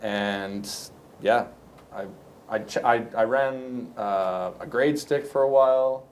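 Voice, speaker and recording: A man's voice: mid-range voice, slow pace, slight background noise. A middle-aged man from Canada, a podcast guest, telling work stories in a rambling, casual way with many restarts. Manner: rambling, anecdotal, frequent restarts. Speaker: podcast guest, construction company owner. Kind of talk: casual storytelling.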